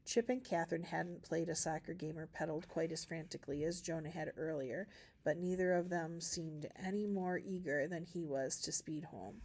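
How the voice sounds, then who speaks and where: A woman with a fairly low voice reads a novel aloud for a school class. She narrates steadily and gives each character only a light change of voice. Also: moderate pace, darkish tone. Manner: storybook narration with small voice shifts for characters. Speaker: reader.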